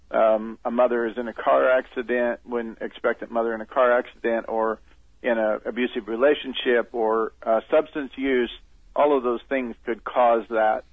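A man's voice: mid-range voice, no echo. A man being interviewed as a phone-in guest, hesitant with many ums as he explains things step by step. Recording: phone line.

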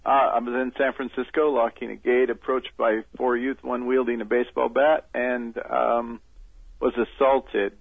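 A man's voice: mid-range voice, level tone, normal speed, creaky, no echo. A man being interviewed as a phone-in guest, hesitant with many ums as he explains things step by step. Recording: phone line.

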